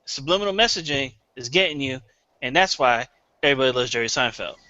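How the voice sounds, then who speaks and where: A man's voice: medium pitch, animated, quick pace, sharp tone, no room sound. A man on a comedy panel game, giving a mock-serious, argumentative improvised answer. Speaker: panel contestant. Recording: muffled lo-fi recording.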